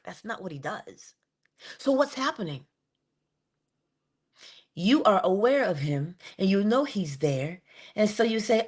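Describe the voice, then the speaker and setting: A woman giving a conversational spiritual talk on meditation, with playful asides and slow, drawn-out emphasis on key words. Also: medium pitch, animated, darkish tone, slightly rough. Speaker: inspirational speaker.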